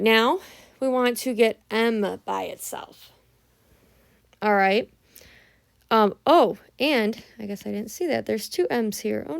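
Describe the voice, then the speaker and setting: A young woman teaches math step by step in a relaxed, patient way. She sounds tired, and her slightly high voice often drops into a gravelly fry. She keeps checking whether the class is following along. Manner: patient, explaining step by step with frequent "right?" checks. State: tired, early morning. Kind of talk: casual math tutorial.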